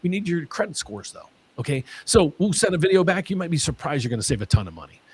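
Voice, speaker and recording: A man hosting a mortgage Q&A stream, talking in an excitable way and often repeating his words. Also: on the high side, fast, slightly rough. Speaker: mortgage lender host.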